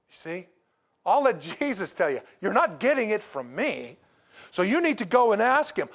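A male pastor preaching a sermon in a conversational, animated way, with rhetorical questions and slangy asides. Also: very high-pitched, moderate pace.

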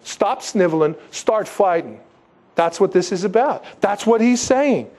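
A male pastor preaching with a high voice that climbs higher when he presses a point. He moves between loud exhortation and hushed low asides, throwing in rhetorical questions and casual slang. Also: animated, measured pace. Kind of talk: sermon.

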